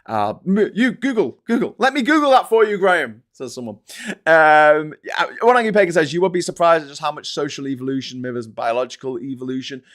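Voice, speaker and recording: A man's voice: a little high, fairly quick, a bit bright. A middle-aged man with an English accent hosting a casual live-stream, chatty and restless, laughing often as he mocks trolls and critics. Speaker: host.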